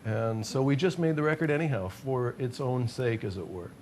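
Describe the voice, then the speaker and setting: A man's voice: medium pitch, moderate pace, a little mellow, slight background noise. Male musician guest, mid-range voice, loose rambling storyteller, laughs at himself. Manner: rambling, self-deprecating, laughs often. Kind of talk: casual interview chat.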